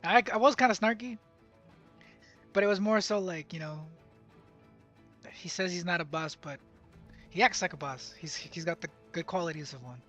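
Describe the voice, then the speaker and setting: A young man tells a story from his job site in a loose, rambling way, full of fillers and false starts. His voice sits a little high for a man. Faint music plays underneath. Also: moderate pace, pauses often, a bit bright. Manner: rambling, lots of fillers and restarts; bilingual, speaks Spanish at work. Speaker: vlogger. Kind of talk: casual storytelling.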